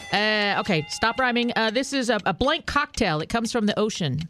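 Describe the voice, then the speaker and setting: Casual radio co-host, mid pitch, halting clue-giver, light noise. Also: animated, bright, forceful tone.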